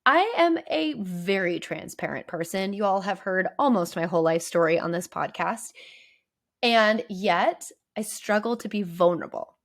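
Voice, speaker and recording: A woman's voice: medium pitch, animated, normal speed. Candid woman therapist hosting a podcast. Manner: candid and conversational, with frequent "like" and "right?". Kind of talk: casual podcast monologue.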